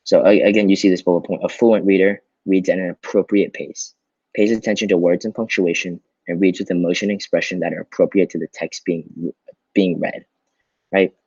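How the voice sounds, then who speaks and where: A man's voice: deep voice, fairly even intonation, a little fast, darkish tone, husky, no room sound, lo-fi sound. A male teacher giving a recorded online lesson, explaining patiently and often checking in with "right?".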